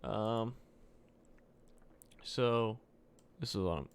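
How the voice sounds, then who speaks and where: A man's voice: fairly low pitch, extremely slow, clear, resonant tone. A man live-streaming a coding session, thinking aloud, muttering to himself with fillers while he types. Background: keyboard typing and clicks.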